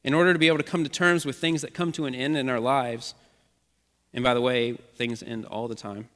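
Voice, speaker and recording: A man's voice: mid-range voice, flat delivery, a little fast, a bit bright. Man preaching in a reverberant church. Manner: earnest, repetitive preaching cadence. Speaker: pastor. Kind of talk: sermon.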